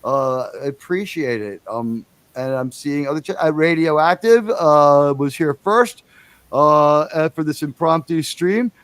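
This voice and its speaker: A man's voice: on the high side, measured pace, smooth, no room sound. A man hosting a casual livestream, rambling and chatty, with enthusiastic, profane asides. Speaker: livestream host.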